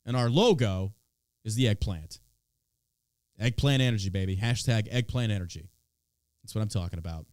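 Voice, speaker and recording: A man's voice: fairly low pitch, moderate pace, pauses often, smooth, no echo, studio quality. A man hosting a podcast, ranting casually about politics in a profane, sarcastic way. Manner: profane, sarcastic, swinging between loud and mocking. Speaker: podcast host.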